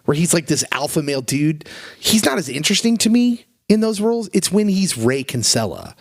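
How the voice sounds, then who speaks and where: A man co-hosting a podcast in casual chat, retelling movie scenes with animated, emotional delivery. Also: on the high side, brisk, no echo, clean studio sound. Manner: animated, emotional, acts out quotes in raised voice. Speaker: podcast co-host.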